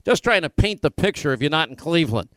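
A man hosting a political talk radio show from a remote broadcast location, firing off rapid rhetorical questions. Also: a little high, sing-song, a bit bright, no echo.

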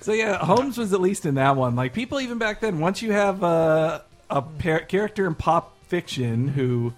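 A man, a podcast co-host, talking in casual chat with hesitant, halting phrasing. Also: high-pitched, lively intonation. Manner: hesitant, many fillers and restarts.

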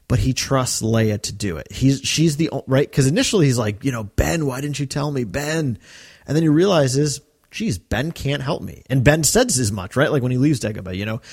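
A man co-hosting a podcast in casual chat, talking animatedly and breaking into quick quoted lines. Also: mid-range voice, lively intonation, darkish tone. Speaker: podcast co-host.

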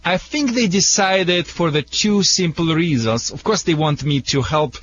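A Russian-accented man gives dog-training advice to radio callers, joking and chuckling in broken English. His voice sits a little high. The sound is dull and lo-fi, like an old radio broadcast. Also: measured pace, a bit bright, husky.

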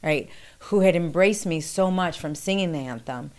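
A woman recounting a past experience in conversational storytelling, acting out quoted dialogue with animated pitch jumps. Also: moderate pace. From New York City.

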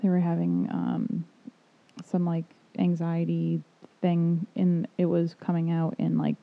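Casual co-guest: gravelly low-voiced woman, hesitant, phone-line quality. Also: completely flat delivery, measured pace. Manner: hesitant, filler-heavy, blunt asides. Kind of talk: casual chat.

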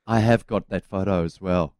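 A man's voice: low voice, moderate pace, darkish tone, clear, resonant tone, no echo, clean studio sound. A man in his forties with a New Zealand accent, a former cricketer telling laid-back anecdotes as a guest on a casual radio chat.

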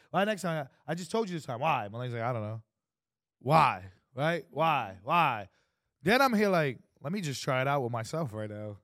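A man in his twenties co-hosting a casual podcast chat, animated and profane, acting out quoted exchanges. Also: fairly high pitch, no echo, clean studio sound. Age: 20s. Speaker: podcast co-host.

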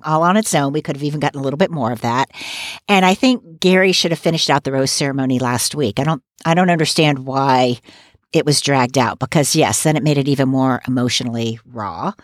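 Brief: woman podcast co-host with a lowish voice, dry close studio sound, emphatic and opinionated in casual chat. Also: dry recording. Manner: opinionated, emphatic, frequent asides.

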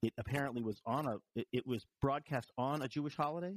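A man's voice: medium pitch, fast talker, no echo. A man co-hosting a podcast, telling a long anecdote in casual chat with many restarts and a dry tone. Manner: rambling, restarts, dry storytelling. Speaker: podcast co-host and commentator.

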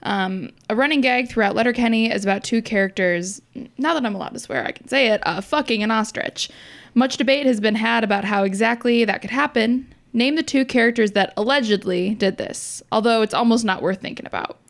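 Woman reading trivia questions on a podcast, soft and relaxed, a bit high. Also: fairly quick. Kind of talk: casual trivia podcast chat. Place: studio.

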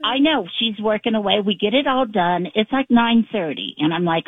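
A middle-aged woman calling in to a talk show, telling a story in a lively, laughing way with lots of "right?" and "you know" asides. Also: medium pitch, normal speed, dry recording, narrow, tinny audio. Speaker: caller. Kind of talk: casual call-in storytelling.

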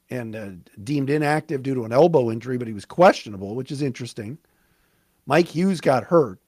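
A man hosting a solo sports talk podcast, recapping a game with emphatic, fan-like commentary and quick asides. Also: medium pitch, a little mellow, no room sound, studio quality.

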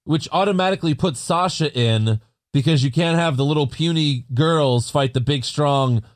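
A man's voice: on the high side, moderate pace. A man co-hosting a podcast, recapping wrestling matches play by play in casual chat, swearing and laughing as he goes. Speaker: podcast co-host.

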